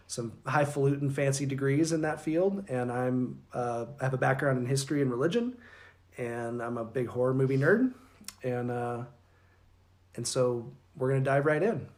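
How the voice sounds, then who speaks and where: A man's voice: medium pitch, normal speed, darkish tone. A man co-hosting a podcast with his wife, bantering playfully and joking in casual chat. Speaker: podcast co-host.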